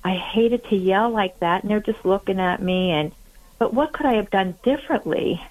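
A woman's voice: mid-range voice, moderate pace, darkish tone, rough recording. A woman calling in to a radio show, telling her story at length in an earnest, self-critical way. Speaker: caller.

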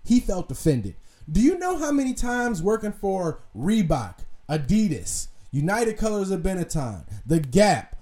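A man's voice: high-pitched, big pitch swings, measured pace, dark tone. A young adult man hosting a casual commentary monologue, talking loosely, swearing freely and trailing off into restarts. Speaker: podcast host.

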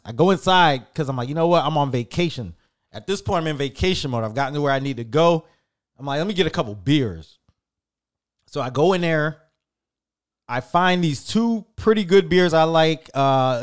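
Young adult man, casual storytelling, rambling and self-correcting, ordinary mid pitch.

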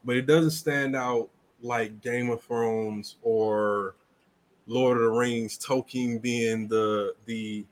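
A man co-hosting a casual chat, talking in an animated, emphatic way and jumping up in pitch to stress his points. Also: slow.

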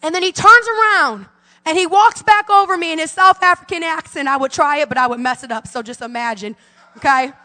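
A woman's voice: high-pitched, fairly quick, bright, forceful tone, in a large hall. A woman in her forties preaching a fervent sermon as pastor, calling out to her congregation in a church sanctuary. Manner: fervent preaching with call-and-response.

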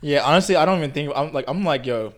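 A young man co-hosting a casual podcast, rapidly telling slangy stories. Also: a little high. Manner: rapid, storytelling, slangy with lots of restarts. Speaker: podcast co-host. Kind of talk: casual chat.

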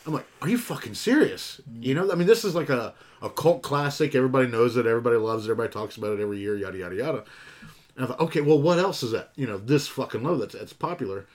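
A man's voice: medium pitch, rapid-fire, darkish tone. A man in his forties chatting casually, swearing freely as he rambles through how he picked the movies. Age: 40s. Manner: profane, rambling storyteller. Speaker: marathon organizer. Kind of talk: casual chat.

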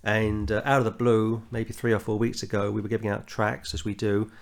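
A man's voice: lowish voice, flat delivery, fairly quick, vocal fry. Earnest man teaching scripture. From England. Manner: earnest, reads scripture aloud with rising emphasis, tells anecdotes. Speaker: Bible teacher. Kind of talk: verse-by-verse Bible study.

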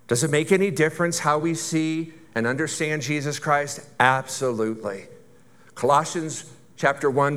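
A man with a fairly high voice preaches to his congregation. He speaks conversationally, asks his listeners questions and builds up long lists of phrases. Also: a bit bright. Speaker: pastor. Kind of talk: sermon.

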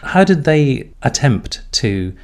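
A man's voice: mid-range voice, very animated, slow, gravelly. A man hosting a podcast, asking a guest questions in a chatty, casual way. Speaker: podcast interviewer. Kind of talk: conversational interview question.

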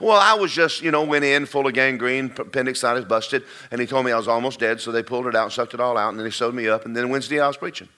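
A man preaching a folksy, emphatic sermon, slowing down to stress key words. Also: medium pitch, pushed and bright.

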